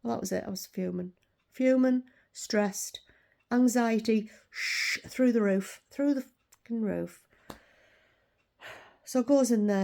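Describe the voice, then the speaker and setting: Gravelly woman in her sixties ranting. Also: on the low side, mellow. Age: 60s. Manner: indignant, swears freely. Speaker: weight-loss vlogger. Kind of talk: casual storytelling rant.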